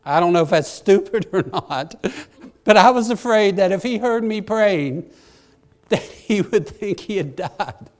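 A middle-aged man preaching, telling a personal story in a folksy, self-deprecating way that swings from hushed to excited. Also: high voice, measured pace. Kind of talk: sermon storytelling.

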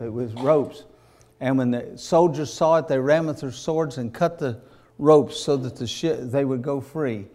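A man's voice: medium pitch, mellow. A man preaching a sermon, repeating phrases and building to emotional peaks.

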